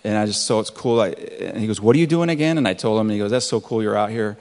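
A male pastor reading scripture and telling a story from his week in a relaxed, conversational sermon. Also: lowish voice, quick pace. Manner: relaxed conversational preaching, chuckles at his own stories. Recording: long hall reverb.

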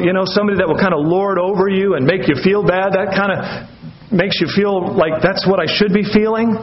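A man's voice: high-pitched, muffled recording. Wry, conversational male pastor preaching. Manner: conversational, wry and sarcastic asides. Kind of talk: expository sermon.

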